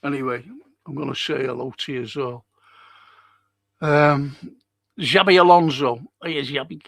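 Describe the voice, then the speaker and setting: A man's voice: mid-range voice, steady tone, moderate pace, vocal fry, a bit bright, no echo. An older man who hosts a casual livestream, chatting and greeting viewers as he reacts to their comments. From Liverpool, England. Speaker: livestream host and historian.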